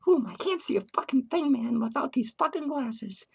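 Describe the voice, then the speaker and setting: A high, shrill, unhinged clown rambles through crude, swearing rants, giddy and tipsy in a home studio. The voice sits well above a typical speaking pitch and breaks into cackling laughs. It's a comedic character vlog, manic and drifting from thought to thought. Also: male voice, expressive, normal speed, creaky, husky, full character voice. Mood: manic ranting. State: tipsy and hyper.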